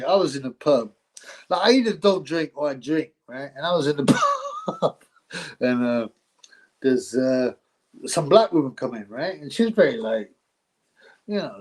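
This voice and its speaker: On a low-quality recording, a man with a medium-pitched, darkish voice hosts a live boxing stream. He chats casually and rambles, laughing often and thanking his viewers.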